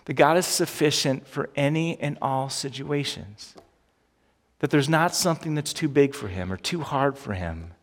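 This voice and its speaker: A man preaching a sermon as pastor, animated and emphatic, with many rhetorical questions. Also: mid-range voice, moderate pace. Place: church sanctuary. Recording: long hall reverb.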